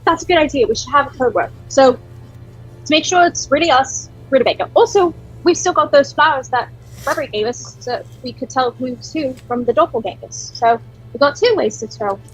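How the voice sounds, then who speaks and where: A woman's voice: sits high, a little fast, slightly rough, soft background music, rough recording. A woman talking as a player in a tabletop game, upbeat and chatty. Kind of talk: tabletop game role-play.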